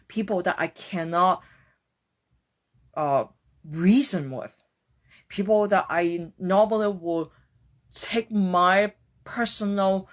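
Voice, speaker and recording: A woman hosting a podcast, talking through a reflective personal monologue in an earnest, searching way, casual and with the odd swear word. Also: on the low side. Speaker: podcast host.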